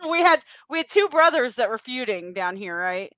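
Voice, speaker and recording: A woman's voice: on the high side, sing-song, normal speed, a crowd in the background. A woman co-hosting a casual podcast, chatting and laughing between phrases. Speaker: podcast co-host.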